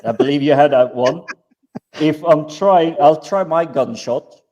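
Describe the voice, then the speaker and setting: A man's voice: on the high side, a little slow, mellow, lo-fi sound. A man co-hosting a podcast, hesitant and searching for words in casual chat. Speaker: podcast co-host.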